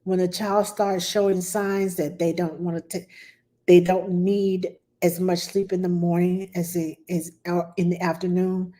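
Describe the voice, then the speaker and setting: A nanny answering viewers' baby questions in casual talk, reassuring and lively, acting out baby sounds and repeating "yes" for emphasis. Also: female voice, lowish voice, unhurried. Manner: animated, acts out baby talk and her own quotes.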